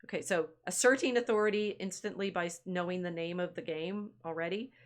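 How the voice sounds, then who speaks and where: A woman co-hosting a podcast, casually retelling a toy story with chatty restarts and asides. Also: on the low side. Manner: chatty, halting with restarts and laughs. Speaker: podcast co-host.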